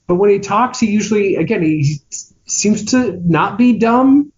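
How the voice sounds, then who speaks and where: A man co-hosting a podcast, chatting casually about a film in a sardonic, dismissive way that trails off into low grumbles. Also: expressive, normal speed, a little mellow, muffled recording. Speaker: podcast co-host. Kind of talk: casual movie-review chat.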